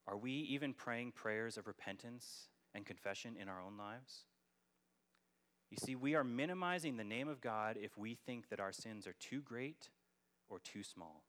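A man's voice: mid-range voice, moderate pace, a bit bright. A man preaching a sermon as a church elder, earnest and building to emphatic peaks. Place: church sanctuary.

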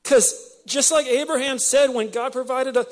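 A man's voice: very high voice, fairly even intonation, moderate pace. A man preaching a sermon with passion, emotional and choked up, often repeating words as he presses a point. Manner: impassioned, emotional, repeats words when stirred. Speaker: pastor.

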